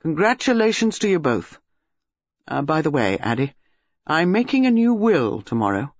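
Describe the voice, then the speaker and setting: A man reading an audiobook, voicing a grim, gruff elderly wealthy man who speaks in clipped sentences. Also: on the high side, very animated, normal speed, dry recording, dull audio.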